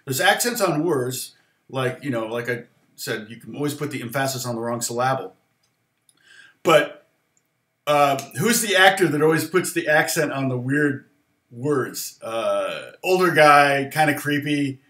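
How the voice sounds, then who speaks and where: A man's voice: mid-range voice, expressive, unhurried, a bit bright, roomy sound. A middle-aged man hosting a casual livestream guitar lesson, rambling with fillers and laughs.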